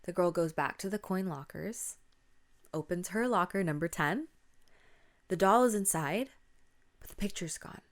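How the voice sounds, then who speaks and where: A woman with a somewhat low voice, casually retelling spooky stories for a podcast. She talks conversationally and loosely, with fillers like "um" and "like" along the way. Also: measured pace, pauses often. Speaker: podcast host.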